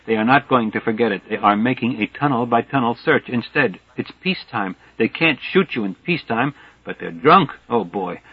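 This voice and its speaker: A man reads a novel aloud in a steady, wry audiobook style, settling into the scene. His voice sits at an ordinary pitch. The recording is dry, with a dull, muffled top end. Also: a little fast, breathy edge, no echo. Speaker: audiobook narrator. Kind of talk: literary audiobook narration. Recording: dull dry studio sound.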